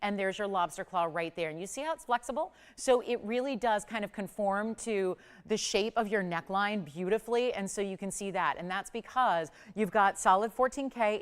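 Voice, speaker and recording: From a television studio, a female host pitches jewelry on a live shopping show with cheerful, conversational energy and a clean-toned voice.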